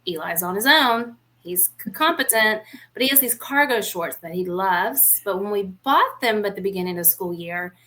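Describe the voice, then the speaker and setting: Bright chatty woman podcast host. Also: medium pitch, animated, normal speed. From small town in the United States. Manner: chatty storytelling, playful and frank. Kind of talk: casual chat.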